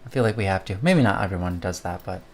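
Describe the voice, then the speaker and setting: A man's voice: low-pitched, expressive, quick pace, slight background noise. Man, livestream co-host, reads chat aloud, rambling and casual. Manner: chatty, rambling, many fillers and restarts.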